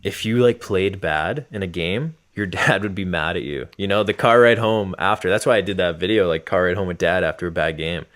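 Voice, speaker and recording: A man's voice: deep voice, a little fast, hardly any pauses, fairly bright tone. A young man co-hosting a podcast, rambling casually with lots of filler words. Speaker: podcast co-host.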